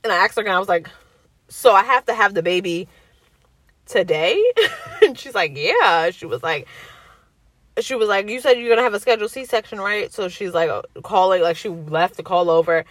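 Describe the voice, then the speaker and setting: A woman's voice: mid-range voice, animated, normal speed, a bit bright, no room sound. Young woman, casual storyteller, acts out every quote, dry close sound, mid-range voice. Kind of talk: casual chat.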